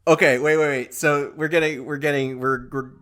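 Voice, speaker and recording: A man co-hosting a podcast, chatting casually in an animated, joking, mocking way. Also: on the high side. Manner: animated, joking, quick to mock. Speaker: podcast co-host. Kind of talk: casual chat.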